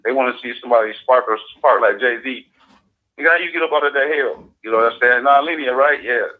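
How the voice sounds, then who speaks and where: A man's voice: mid-range voice, fast talker. A man in casual radio talk, speaking in a loose, profane street manner. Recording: phone-like lo-fi audio.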